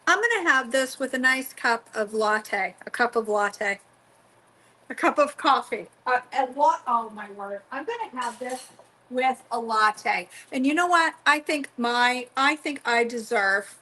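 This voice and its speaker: Chatty middle-aged woman, home cooking vlogger, teasing and fairly high-pitched. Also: animated, measured pace, bright, forceful tone, low-quality recording. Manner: chatty, teasing, talks to viewers by name. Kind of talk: casual chat while cooking. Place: home kitchen.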